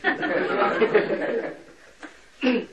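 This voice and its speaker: An older woman giving a spiritual talk to followers, animated and laughing, mimicking people as she speaks. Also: very slow, a faint crowd, low-quality recording. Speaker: spiritual teacher. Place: lecture hall.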